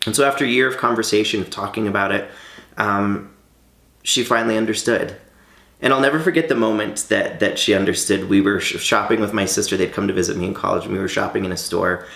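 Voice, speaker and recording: Gravelly-voiced man telling a personal story. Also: on the low side, a bit bright, echoey room. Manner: candid and heartfelt, with light laughs. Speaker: vlogger.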